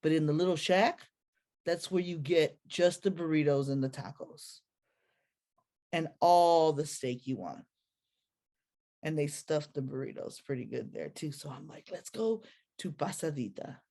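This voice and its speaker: A woman telling a personal story to an audience in a lively, slangy, conversational way. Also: sits low, measured pace, creaky, pauses often.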